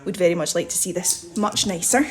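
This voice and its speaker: A woman's voice: fairly low pitch, faint music behind. Breathless chatty young woman. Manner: chatty, quick, self-mocking with laughs. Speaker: vlogger. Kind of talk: house tour vlog. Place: her own house, walking room to room.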